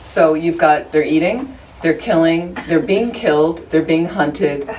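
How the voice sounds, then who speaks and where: A woman's voice: sits low, measured pace, darkish tone. A woman teaching a Buddhist study group in a chatty, humorous, conversational way, with many asides to her listeners. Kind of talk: informal dharma teaching. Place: room with a small group of listeners. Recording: distant room recording, faint background noise.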